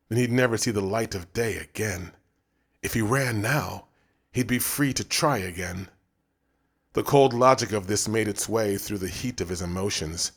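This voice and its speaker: A man narrating an audiobook in a measured, subdued way. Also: fairly low pitch. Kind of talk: scripted narration.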